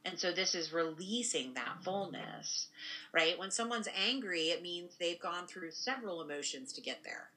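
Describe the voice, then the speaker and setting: Low, bright-voiced woman talking casually. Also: animated, moderate pace, poor audio. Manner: rambling, frequent "right?" tag questions. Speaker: podcast co-host and spiritual practitioner. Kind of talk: casual conversation.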